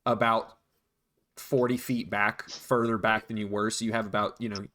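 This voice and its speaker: Man running a tabletop game, halting. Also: on the low side, little pitch movement, fairly bright tone. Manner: hesitant, frequent "um"s and restarts while describing. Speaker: game master.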